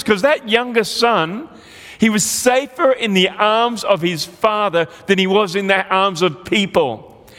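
High-voiced male preacher in a reverberant hall. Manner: animated storytelling, acts out characters' lines. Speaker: pastor. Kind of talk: sermon.

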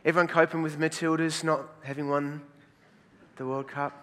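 A man's voice: fairly high pitch, flat delivery, moderate pace, a bit bright. A middle-aged Australian man preaching a sermon in a chatty, joking, self-deprecating way. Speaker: pastor. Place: church hall with audience. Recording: reverberant church hall.

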